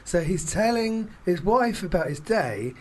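A man hosting a casual podcast chat, retelling film scenes in a rambling, animated way with lots of fillers. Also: high voice, measured pace. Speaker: podcast host.

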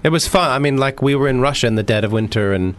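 A man's voice: mid-range voice, quick pace. Joking American man, actor guest. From United States. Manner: joking and easygoing. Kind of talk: casual radio interview.

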